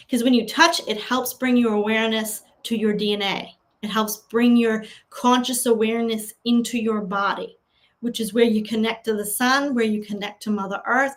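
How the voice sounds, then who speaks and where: A woman acting as a spiritual guide, earnestly leading listeners through a slow, repeated affirmation exercise and spiritual talk. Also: on the high side, fairly bright tone.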